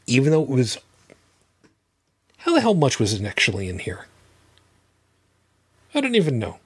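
Husky, blunt podcast host man. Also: medium pitch, dry recording. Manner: blunt, profane, emphatic. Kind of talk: casual livestream talk.

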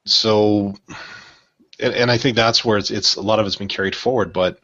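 A man's voice: lowish voice, fairly even intonation, moderate pace, bright, forceful tone. A man in a casual discussion, talking in a rambling, irreverent and jokey way. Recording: dull lo-fi sound.

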